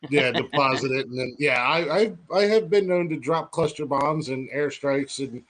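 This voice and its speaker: A man's voice: mid-range voice, moderate pace, a crowd in the background. A man co-hosting a casual comedy podcast, talking in laid-back, swearing banter and teasing his partner. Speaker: podcast co-host.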